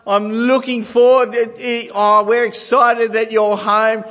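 A man putting on the voice of his young daughter, who gushes with excitement at her dad coming home. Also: extremely high pitch, unhurried, pitched above the performer's own voice, full character voice. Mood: gushing. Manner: gushing, breathless enthusiasm.

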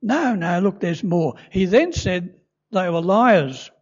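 A man's voice: sits high, expressive, takes it slowly, slightly rough, exaggerated voice. An older man voicing an earnest eyewitness. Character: excited male eyewitness reporting news. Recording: dull lo-fi recording.

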